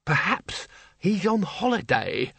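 A man voicing a timid wizard bursar with a meek, quavering voice, slow and raised in pitch, in a dry, close recording. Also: very animated, vocal fry, a bit bright, slightly rough, dry recording, full character voice.

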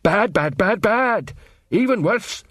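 A man voicing a big, slow-witted male troll watchman who talks in broken grammar. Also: fairly high pitch, dry recording, clean studio sound, voice pushed up, close to an everyday voice. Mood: ominous.

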